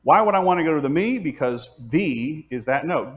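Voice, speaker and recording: A man teaching a class on leading congregational singing, explaining step by step and singing out pitches and counting beats aloud. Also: expressive, normal speed, faint music behind. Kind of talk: hands-on music class teaching.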